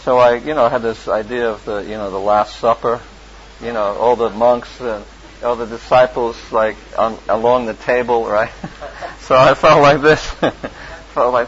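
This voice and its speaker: Over a noisy background, a man with a mid-range voice and fairly even intonation reminisces at a normal speed. His casual memoir wanders, full of fillers, restarts, and frequent chuckles. The recording is lo-fi, with the surrounding ambience clearly audible.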